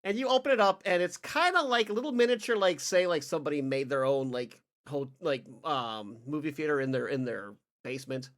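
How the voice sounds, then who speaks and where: A man's voice: fairly high pitch, brisk, few pauses, fairly bright tone. A man narrating as game master of a tabletop game, rambling with many restarts.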